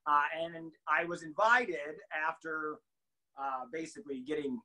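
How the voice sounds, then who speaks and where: Bright animated man giving a pep talk. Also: fairly high pitch, measured pace, low-quality recording. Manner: animated, laughing, acts out quotes. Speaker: team trainer. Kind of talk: casual motivational talk.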